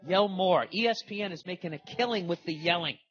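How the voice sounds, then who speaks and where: A middle-aged man holds forth as a podcast host, ranting in a heated, swearing, rambling comedic monologue. His voice sits a little high for a man. The recording sounds dull and lo-fi. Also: quick pace, bright, forceful tone.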